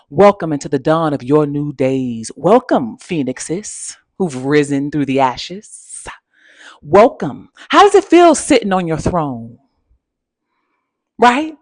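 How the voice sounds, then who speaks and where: A woman's voice: low-pitched, no echo. A woman giving an emphatic, repetitive motivational talk as a spiritual coach, using pet names and a preacher-like cadence. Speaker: spiritual coach and channel host.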